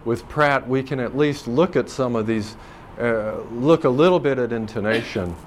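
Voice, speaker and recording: This clip is a classroom lecture by a man who teaches language, loosely working through dialect differences with lots of ums and restarts in a thoughtful, meandering manner. His mid-range voice moves at a normal pace, with a little hiss or hum in the background.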